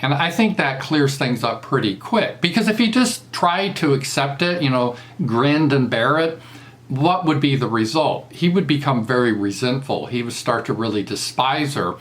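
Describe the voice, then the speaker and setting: A man's voice: medium pitch, lively intonation, moderate pace, fairly bright tone. A man with a Southern US accent doing a casual commentary monologue, mocking and crude, laughing at his own jokes. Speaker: political commentator.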